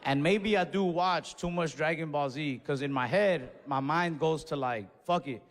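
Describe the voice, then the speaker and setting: A man doing stand-up, telling a story in a casual, profane way with sudden shouted bursts, recorded live on stage. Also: fairly high pitch, moderate pace, slight background noise. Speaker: stand-up comedian. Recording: reverberant live venue with faint ambience.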